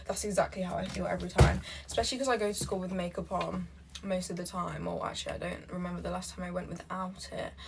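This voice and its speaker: A woman's voice: on the low side, steady tone, gravelly. Young woman, casual reaction-vlog host, brash and profane, faint noise underneath. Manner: brash, profane and sassy, with fast bursts. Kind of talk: casual chat reading posts aloud.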